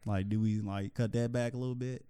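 A man talks in loose podcast chat, animated and prone to restarting and repeating phrases. His pitch sits in the middle for a man. The recording is dry, with no room sound around him. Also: brisk, clear, resonant tone, no echo. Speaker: podcast co-host.

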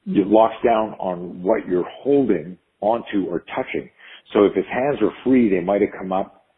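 A middle-aged man, a self-defense instructor and podcast guest, telling stories in an animated way, acting out the quotes and restarting his sentences often. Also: fairly low pitch, normal speed, slightly rough, narrow, tinny audio. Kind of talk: conversational storytelling.

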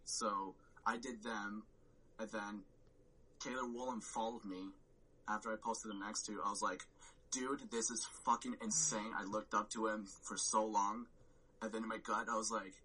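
A man's voice: lowish voice, little pitch movement, moderate pace, pushed and bright, slight background noise, poor audio. A man telling a story on a podcast, rambling with lots of "like" and swearing and acting out his own reactions. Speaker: podcast guest. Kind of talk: casual storytelling chat.

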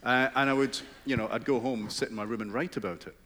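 A man's voice: mid-range voice, steady tone, quick pace, fairly bright tone, slight background noise. A middle-aged Scottish man talking as a guest author on stage, self-deprecating and laughing, with stammered restarts. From Scotland. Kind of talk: onstage conversation. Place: large hall with live audience. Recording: reverberant large hall.

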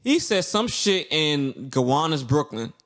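This young man's voice runs a little high, and his pace is measured. Co-hosting a casual podcast, he's an animated storyteller who uses slang and acts out quotes.

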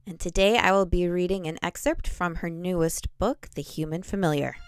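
A woman reading a fantasy book excerpt aloud in a measured first-person narration. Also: on the low side, fairly even intonation, over loud music. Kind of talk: audiobook narration.

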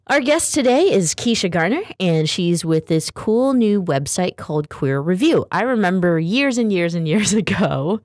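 A woman's voice: fairly low pitch, animated, normal speed, hardly any pauses, a little mellow, no echo, studio quality. A woman hosting a talk show in a chatty, rambling way. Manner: chatty, rambling, laughs often. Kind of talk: casual chat.

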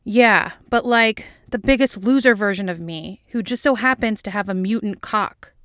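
A woman voicing a jealous grown man who pouts and needles in a storybook reading. His lines come whiny and sing-song, raised and a little louder. The sound is dry and close. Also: medium pitch, normal speed, no room sound, pitched above the performer's own voice, close to an everyday voice. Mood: pouty.

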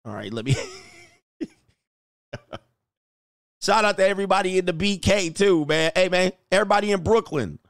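A man's voice: high voice, animated, normal speed, long pauses, dry recording, studio quality. A man hosting a casual livestream, reading out chat comments and joking in a loose, slangy way. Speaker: dating coach and channel host.

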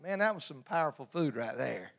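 A man's voice: on the high side, sing-song, fairly quick, creaky, a bit bright. A man preaching a sermon in a folksy, humorous call-and-response style.

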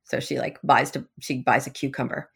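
Low voiced woman talking about her novel, dry humor, lots of little laughs. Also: little pitch movement, a little fast, vocal fry, slight background noise. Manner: wry, self-deprecating, laughs often. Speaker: novelist guest. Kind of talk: casual interview answers.

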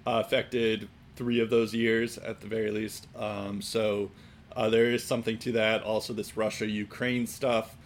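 A man with a somewhat low voice talks sports in a loose, casual podcast chat. He rambles, restarts his sentences and leans on "like" and "um" throughout. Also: little pitch movement, a little slow, a little hiss or hum. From Boston area. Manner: rambling, heavy on fillers like "like" and "um".

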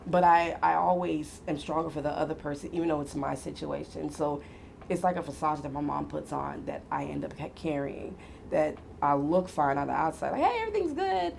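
A woman in her fifties with a low, gravelly voice tells family stories in casual conversation. She talks animatedly, slipping into other people's voices and laughing often. Faint background noise sits under her voice. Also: level tone, moderate pace, a little mellow. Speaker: guest mother.

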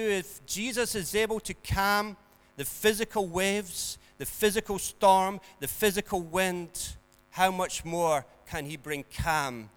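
A man preaching an earnest sermon, rising to emphatic peaks and then dropping soft. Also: high voice, big-room sound.

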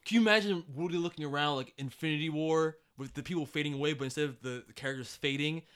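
A young man co-hosting a casual podcast, excitable and laughing often, swearing freely. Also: fairly high pitch, quick pace, clean tone. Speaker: podcast co-host.

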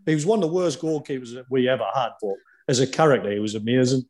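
A man, a former footballer who hosts the chat, telling animated anecdotes and chuckling often. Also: mid-range voice, quick pace. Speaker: podcast host and former footballer. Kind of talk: casual storytelling chat.

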